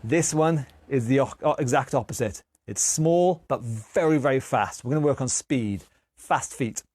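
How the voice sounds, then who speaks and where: A man's voice: medium pitch, normal speed, a little mellow. A man leading a live online exercise class, encouraging and chatty, counting down moves and a little out of breath. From England. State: a bit out of breath. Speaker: fitness instructor.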